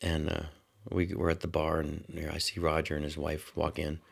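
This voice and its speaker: A man telling a rambling, animated anecdote as a talk show guest, full of restarts and quoted dialogue. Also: extremely low pitch, fairly quick, creaky. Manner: animated storyteller. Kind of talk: casual anecdote.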